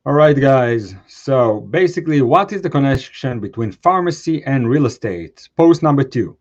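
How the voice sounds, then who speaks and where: Guy reading a post out loud in short choppy bits, middle pitch, muffled low-fi sound. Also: lively intonation, normal speed. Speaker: host. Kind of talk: reading a post aloud with brief commentary.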